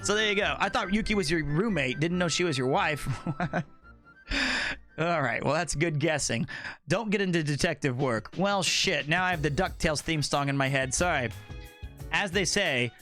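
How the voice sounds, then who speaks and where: A man's voice: fairly high pitch, moderate pace, bright, forceful tone, faint music behind. A man livestreaming and chatting casually with viewers, playful and joking, swearing freely.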